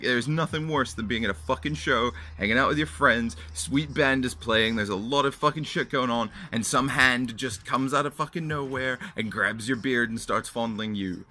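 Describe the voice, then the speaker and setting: A man's voice: medium pitch, bright, forceful tone. Blunt, sweary bearded guy ranting to camera. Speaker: vlog host answering fan questions. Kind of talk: casual profane rant to camera.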